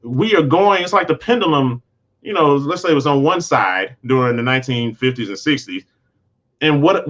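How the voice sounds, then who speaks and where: Earnest rambling man, slightly high voice. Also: a bit bright, dull audio. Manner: earnest, rambling with frequent restarts. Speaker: channel host. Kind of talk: casual livestream commentary.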